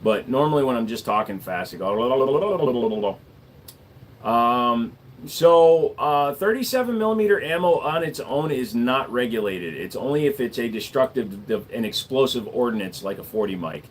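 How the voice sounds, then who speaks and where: A man's voice: mid-range voice, expressive, slight background noise. Laid-back wisecracking man. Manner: laid-back, wisecracking, drawn-out word endings. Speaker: gunsmith and livestream host. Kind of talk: casual livestream chat answering viewers.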